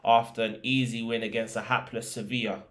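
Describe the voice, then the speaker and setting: Chatty lad talking football. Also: male voice, mid-range voice, flat delivery, a little fast. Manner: chatty, slangy, with fillers and restarts. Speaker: football podcast host. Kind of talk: casual football chat and predictions.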